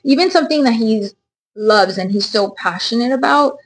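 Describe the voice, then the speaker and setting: Earnest woman with a slightly high voice. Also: expressive, moderate pace, a little hiss or hum, rough recording. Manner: earnest, explains through a personal story. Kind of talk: casual chat.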